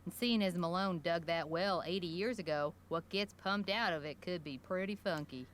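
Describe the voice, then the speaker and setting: A woman's voice: on the low side, normal speed, a little hiss or hum, close to an everyday voice. An actress voicing a gossipy small-town shopkeeper woman in a video game, talking in a folksy rural drawl full of colorful slang. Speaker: general store owner.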